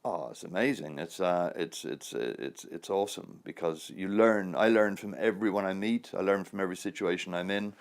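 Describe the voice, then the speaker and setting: A man's voice: sits low, normal speed, hardly any pauses. A man in his sixties, an actor, answering interview questions in a rambling, anecdotal way with frequent chuckles. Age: 60s.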